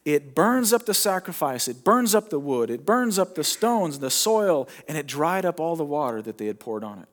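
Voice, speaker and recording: A middle-aged male pastor preaching a sermon, retelling a story in a conversational way with dramatic pauses. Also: on the high side, sing-song.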